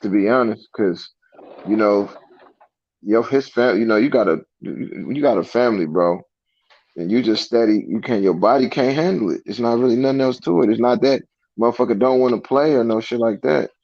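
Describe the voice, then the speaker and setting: A man's voice: medium pitch, moderate pace, darkish tone, no echo, dull audio. A man talking casual sports as a co-host, laid-back and full of slang. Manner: laid-back slang, says bro a lot.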